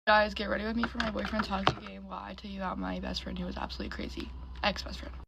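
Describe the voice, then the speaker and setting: A woman's voice: mid-range voice, sing-song, very fast, gravelly, heavy background noise. A young woman chatting while she gets ready on camera, gossipy and full of fillers. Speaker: storyteller. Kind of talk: get-ready-with-me storytime vlog.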